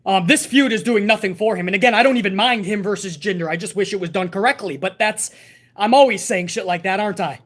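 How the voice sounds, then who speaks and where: A man's voice: high voice, quick pace, fairly bright tone. A man hosting a live stream, chatting casually and profanely and answering viewer messages. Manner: profane, laid-back banter, reading viewer messages.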